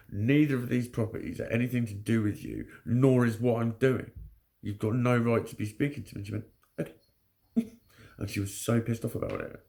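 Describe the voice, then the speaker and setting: A man's voice: on the low side, creaky, darkish tone. A man telling a story to camera in casual vlog talk, blunt and full of swearing, laughing often. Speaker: vlogger.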